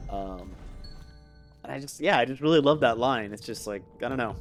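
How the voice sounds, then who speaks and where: A chatty man rambles through casual gameplay commentary, amused at himself. His pitch swings freely as he talks. Faint game music plays under his voice. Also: expressive, normal speed. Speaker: let's play host.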